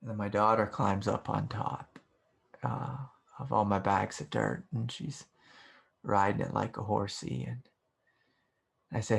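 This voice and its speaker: Gravelly low-voiced man telling a story. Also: steady tone, measured pace, pauses often. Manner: rambling, with many fillers and frequent chuckles. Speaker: meditation and spiritual teacher. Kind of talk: casual storytelling in an online satsang. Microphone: video call.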